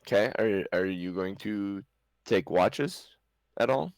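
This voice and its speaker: A man's voice: fairly low pitch, lively intonation, takes it slowly, no room sound, poor audio. A man narrating as game master for a tabletop game, hesitant with many restarts. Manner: hesitant, lots of restarts and ums.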